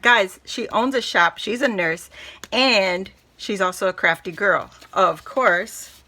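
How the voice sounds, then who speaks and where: A woman vlogger unboxing a craft haul in casual chat, gushing and excitable, laughing often. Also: mid-range voice, slow pace.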